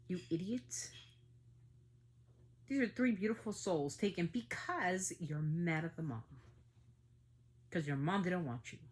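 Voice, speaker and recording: A middle-aged woman hosting a family podcast, talking with anger and emphatic outbursts. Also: sits low. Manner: angry, emphatic, with surges of loudness. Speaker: podcast host. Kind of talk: emotional commentary.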